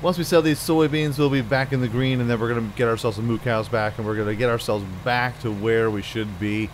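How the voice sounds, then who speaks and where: A man's voice: mid-range voice, steady tone, brisk, slight background noise. A man casually commenting on a farming game as he plays, chatting to himself and the game with jokey asides. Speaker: gameplay commentator.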